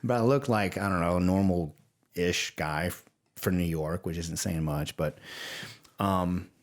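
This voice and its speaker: Louisiana-accented male podcast guest, low pitch, folksy storyteller. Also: measured pace. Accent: Louisiana Southern. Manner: folksy, laughs often. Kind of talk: casual conversation.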